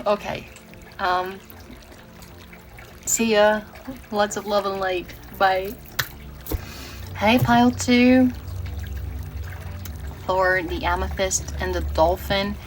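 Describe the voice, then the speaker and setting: A woman's voice: mid-range voice, little pitch movement, takes it slowly, long pauses, faint music behind, low-quality recording. A woman from Brazil giving a tarot reading, earnest and emotional, often restarting her words. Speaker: tarot reader.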